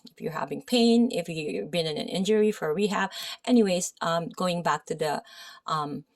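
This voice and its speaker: A woman's voice: fairly low pitch, moderate pace. A woman with a Filipino accent teaches anatomy in a chatty style, with many fillers, and often checks in with her listeners. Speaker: massage therapy instructor. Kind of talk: casual anatomy lesson.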